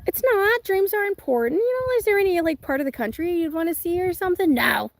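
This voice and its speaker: A woman with a high voice chats casually on a livestream outdoors. She is giggly and self-deprecating as she reads out viewer comments. The sound comes from a phone or camera set on a table. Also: lively intonation, fairly quick, gravelly. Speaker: livestream host. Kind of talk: casual live chat, reading comments.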